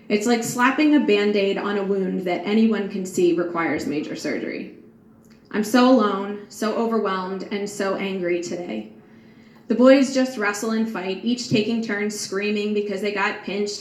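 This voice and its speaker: Soft-spoken woman reading her journal. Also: mid-range voice. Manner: soft, earnest and reflective. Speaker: grieving mother. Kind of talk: reading a personal prayer journal aloud. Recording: echoey room with faint background hiss.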